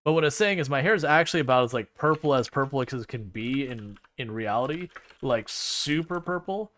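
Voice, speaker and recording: A man's voice: medium pitch, expressive, fairly quick, a bit bright. Rambling, chatty male streamer. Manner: rambling, chatty, sarcastic asides to chat. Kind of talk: casual live-stream chat while playing.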